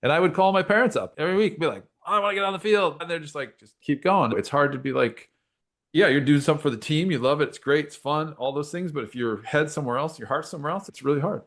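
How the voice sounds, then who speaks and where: A man's voice: a little high, a bit bright. A man hosting a podcast who chats casually, agreeing and sharing his own experience as a former punter. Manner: quick, repeats phrases, relatable and agreeing. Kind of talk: casual conversation.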